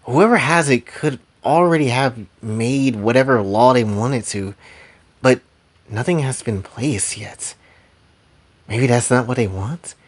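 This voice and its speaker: A man's voice: medium pitch, measured pace, natural voice. A man voicing a serious, worried young male hero in a story recap.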